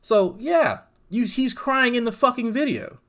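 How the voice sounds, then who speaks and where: Brief: mocking, profane male commentator, lively swooping delivery. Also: very high voice, unhurried. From New Jersey. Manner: sarcastic, crude, mocking. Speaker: commentary YouTuber.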